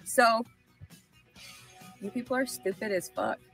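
A woman's voice: fairly high pitch, measured pace, creaky, fairly bright tone, faint music behind, low-quality recording. A woman with a Southern American accent, rambling emotionally and swearing through a livestream monologue. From Arkansas, USA.

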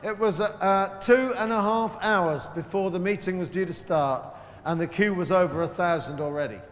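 A man preaching a sermon at a Christian conference, emphatic and slowing down to stress key words. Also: high-pitched. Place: large hall at a Christian conference. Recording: live sermon with long hall reverb.

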